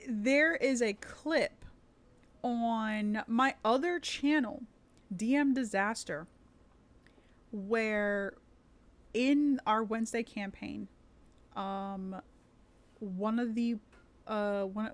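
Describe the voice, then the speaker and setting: Chatty woman rambling about tabletop rules. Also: mid-range voice. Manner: chatty, rambling, with many fillers and restarts. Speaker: streamer and dungeon master. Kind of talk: casual live-stream chat about tabletop rules.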